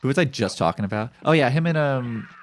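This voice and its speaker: A man's voice: medium pitch, animated, fast talker. A young man streaming, chatting casually in rambling, profane, joking banter. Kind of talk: casual chat on a live stream.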